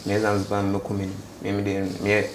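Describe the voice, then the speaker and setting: Young man with a flat low voice. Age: young adult. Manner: halting, repetitive speech mixing English and local words. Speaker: interviewee. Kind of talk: casual street interview. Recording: echoey space with faint background noise.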